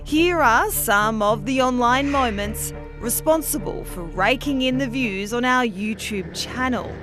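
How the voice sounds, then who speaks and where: A woman's voice: fairly high pitch, unhurried. Female current-affairs narrator, wry, over a music bed. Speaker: news narrator. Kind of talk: scripted narration.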